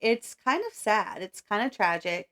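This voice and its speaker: A woman's voice: medium pitch, animated, unhurried, fairly bright tone. Easygoing woman podcast co-host. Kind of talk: casual book chat.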